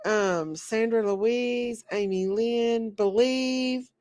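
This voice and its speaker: A woman hosts a livestream while sick, hoarse and short of breath, talking slowly and stretching her greetings into a sing-song. Her voice sits a little high for a woman. The sound is dry and close, with no room around it. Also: a little mellow, dry recording. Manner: slow, drawn-out greetings with sing-song repeats. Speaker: livestream host. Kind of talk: casual livestream chat greeting viewers.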